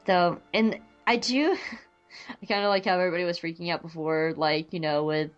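A woman hosting a podcast in casual chat, talking in an animated, rambling way with frequent restarts. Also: on the low side, normal speed, lo-fi sound, faint music behind. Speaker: podcast host.

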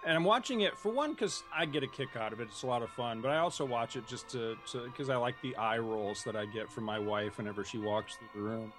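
A man's voice: mid-range voice, fast talker, hardly any pauses, fairly bright tone, soft background music. A man co-hosting a casual podcast, rambling with lots of fillers and restarts and laughing easily. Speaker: podcast co-host.

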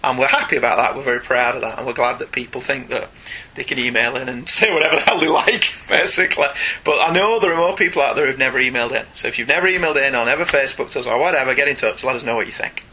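A man's voice: medium pitch, rapid-fire, bright, forceful tone, husky. A man co-hosting a comics podcast, chatty and jokey, laughing often as he reads listener emails. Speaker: podcast co-host. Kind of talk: casual chat, reading listener emails.

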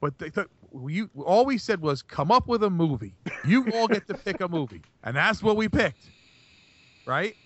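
A man co-hosts a podcast, rambling casually with lots of restarts and fillers. His high voice is sing-song at a moderate pace, captured on a dry, dull lo-fi podcast mic with no echo.

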